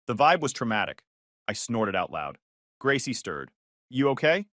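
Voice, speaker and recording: A man's voice: on the low side, moderate pace, no room sound, clean studio sound. Sardonic male story narrator. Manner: sardonic, deadpan. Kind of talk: first-person scripted narration.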